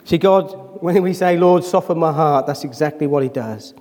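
In a church hall, a pastor preaches a sermon in a fairly high, slightly mellow voice at a moderate pace, and a long reverb tail trails his words. He speaks with emotion, comes close to tears, and keeps putting questions to his congregation.

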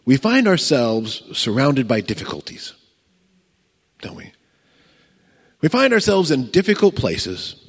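Animated man preaching in an echoing hall. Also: medium pitch, measured pace, creaky, pauses often, breathy edge. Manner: animated storytelling, acts out voices, chuckles, asks the crowd questions. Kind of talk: sermon. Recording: long reverb of a large hall.

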